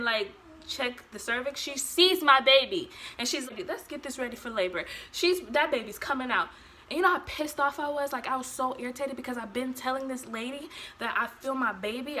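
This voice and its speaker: A young woman with a bright, forceful voice recounts a personal story for her vlog, animated and blunt, swearing freely. Her voice sits a touch high, and there is a faint hiss of background noise. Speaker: vlogger.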